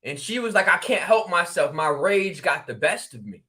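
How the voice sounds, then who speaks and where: A man from Connecticut telling a story in casual talk, acting out the dialogue with quick exclamations. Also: high-pitched, big pitch swings, bright, forceful tone. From New Haven, Connecticut. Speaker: spiritual regression practitioner.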